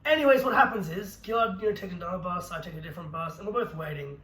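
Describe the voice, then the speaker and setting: A man's voice: high voice, fairly bright tone. A young man co-hosting a podcast, telling a story in casual chat, swearing freely and laughing through it. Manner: brisk, profane, laughs through his own story. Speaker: podcast co-host. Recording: roomy echo with faint noise.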